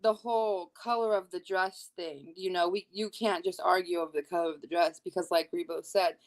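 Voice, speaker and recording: A woman's voice: fairly low pitch, fairly even intonation, fairly quick. A woman chatting hesitantly with many fillers as a panelist on a video call. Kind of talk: casual chat.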